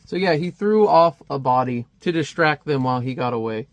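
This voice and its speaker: A man's voice: mid-range voice, expressive, brisk, no room sound. A man casually reviewing a comic, chatty and wry, with many fillers.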